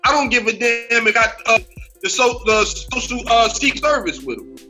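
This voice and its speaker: Bright high-voiced man debating emphatically. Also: very animated, moderate pace, faint music behind. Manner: emphatic, repetitive restarts. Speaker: podcast co-host. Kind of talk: casual debate on a podcast.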